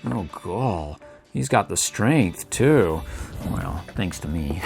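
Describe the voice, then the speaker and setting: A man's voice: low-pitched, very animated, slow, creaky, over loud music. A middle-aged man hosting a casual toy review, playful and chuckling, making little sound effects as he poses figures. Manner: playful, chuckling, makes sound effects while posing toys.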